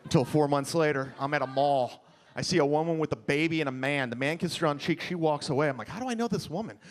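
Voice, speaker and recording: A man telling a stand-up story on a comedy club stage in a deadpan storytelling way, acting out quotes. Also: a little high, fast talker. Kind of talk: stand-up set. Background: audience laughter.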